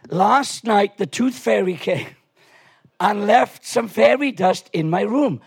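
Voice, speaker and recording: Husky-voiced joking preacher in his sixties. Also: high-pitched, big pitch swings, unhurried. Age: 60s. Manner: chatty, joking, rambling with restarts. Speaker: guest preacher. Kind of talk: sermon with storytelling. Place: church service in a tent.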